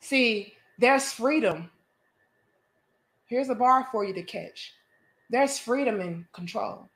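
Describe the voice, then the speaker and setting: A woman delivers a preachy, emphatic opinion monologue, heavy with profanity and rhetorical questions. Her voice sits high and she takes her time, letting each point land, while the room adds a clear echo. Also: expressive, takes it slowly, a bit bright. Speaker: vlogger. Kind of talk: opinion monologue to a live audience.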